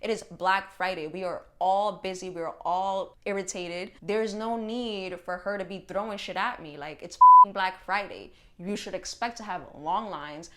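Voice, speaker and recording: A woman vlogger telling a casual storytime, animated and slangy and cursing freely. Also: mid-range voice, normal speed, hardly any pauses, a little hiss or hum.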